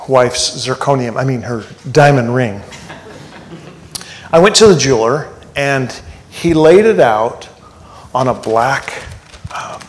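A pastor giving a church sermon, reading scripture aloud and explaining it in a conversational way with joking asides. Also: male voice, medium pitch, a little hiss or hum. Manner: reads scripture aloud and unpacks it line by line.

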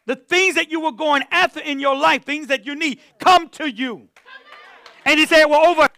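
A man's voice: extremely high pitch, moderate pace, pushed and bright. A man preaching a sermon to a church, repeating phrases and calling on the congregation to answer back. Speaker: pastor.

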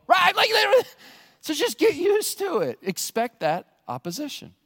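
A pastor preaches in a high, lively voice that swings widely in pitch. He is jokey and animated and often breaks into loud shouts. A long church reverb trails each phrase. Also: normal speed, creaky. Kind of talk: sermon. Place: church sanctuary.

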